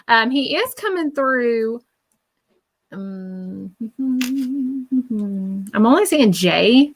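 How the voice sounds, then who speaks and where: A woman's voice: fairly high pitch, expressive, drawn-out words, slight background noise. A woman psychic medium giving a live spirit reading in a chatty, reassuring way, full of fillers and check-ins.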